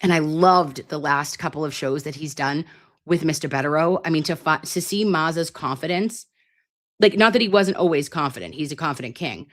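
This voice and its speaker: At a moderate pace, a low-voiced woman in her late thirties runs a casual livestream from her computer mic. Her chat is rambling, playful, and crude, with free swearing, and she calls her own voice grating.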